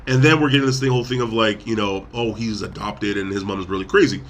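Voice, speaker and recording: A podcast host with a lowish, fairly bright voice talks fast in a fairly even tone, with slight background noise. He rambles through a casual movie recap and acts out quotes along the way.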